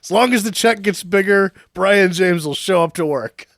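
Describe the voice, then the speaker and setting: A man's voice: sits high, normal speed, fairly bright tone, dry recording, studio quality. A man co-hosting a casual movie podcast, sarcastic and swearing through laughing riffs. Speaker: podcast co-host. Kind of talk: casual movie-riff chat.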